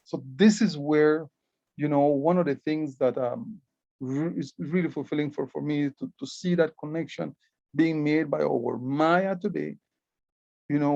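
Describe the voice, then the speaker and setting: A Belizean-accented man talks through a presentation on ancient glyphs, earnest and patient, often doubling back on his words. His voice sits a little high for a man. The sound is dry and somewhat dull, like a close mic with muffled highs. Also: gravelly, a little mellow, no room sound. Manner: earnest, repeats words while explaining. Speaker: Maya writing club educator and guide. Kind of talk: presentation explaining hieroglyphs.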